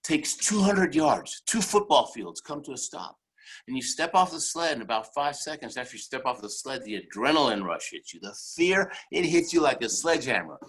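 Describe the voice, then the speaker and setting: Husky-voiced motivational speaker man. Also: medium pitch, normal speed. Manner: animated storytelling, tags lines with "right?" and "okay?". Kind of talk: motivational speech.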